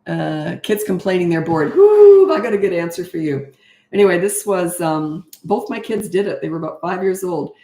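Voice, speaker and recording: A woman's voice: lowish voice, sing-song, moderate pace, mellow, reverberant. A middle-aged woman coaching parents in a casual live-stream Q&A, frank and chatty, laughing often, on a webcam.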